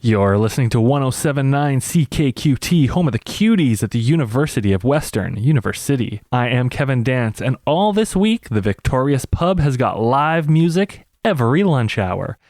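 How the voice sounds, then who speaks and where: A slick, upbeat college radio DJ, as a man puts him on rattles through station announcements. The voice is mid-pitched and recorded dry and close. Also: big pitch swings, moderate pace, hardly any pauses, a little mellow, dry recording. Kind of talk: radio DJ patter.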